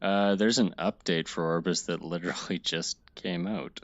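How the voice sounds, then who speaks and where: A man's voice: deep voice, steady tone, normal speed. A man playing in a group game, chatting casually with wry, snarky remarks and frequent chuckles. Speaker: party member. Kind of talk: casual gaming chat. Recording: dull lo-fi mic.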